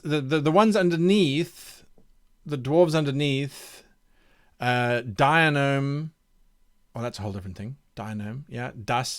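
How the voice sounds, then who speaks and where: A man in the middle of a live-streamed worldbuilding session, musing at a very slow, unhurried pace. He reads viewers' suggestions aloud and sounds them out by repeating them. He hesitates often as he thinks through each idea. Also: medium pitch. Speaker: game master streaming campaign design.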